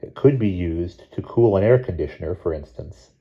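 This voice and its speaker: A man reading a novel chapter aloud in a measured, steady narration. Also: sits low, lo-fi sound. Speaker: audiobook reader. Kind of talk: scripted narration.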